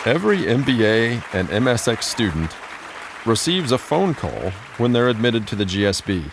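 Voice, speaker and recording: A man giving scripted podcast narration in a measured, even delivery. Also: mid-range voice, a crowd in the background, noisy background.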